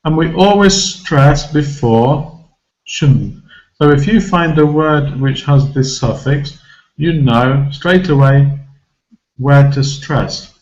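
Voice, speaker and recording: A man's voice: mid-range voice, a little mellow. A man teaching English pronunciation, taking his time and going through each point step by step. He repeats example words and puts questions to his learners. His voice sounds slightly dull and muffled, as if captured on a modest classroom recorder.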